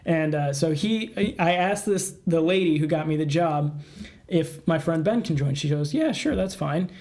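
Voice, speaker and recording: A young man with a fairly high voice chats on a podcast. He is an animated storyteller who laughs often and acts out the people in his stories. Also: moderate pace. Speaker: podcast co-host. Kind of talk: casual chat.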